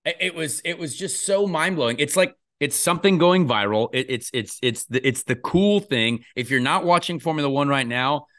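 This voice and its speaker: Young male podcast host; loose, rambling chat, raised pitch, bright forward tone. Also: animated, normal speed, hardly any pauses. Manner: loose, chatty, lots of "like". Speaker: podcast host, race driver.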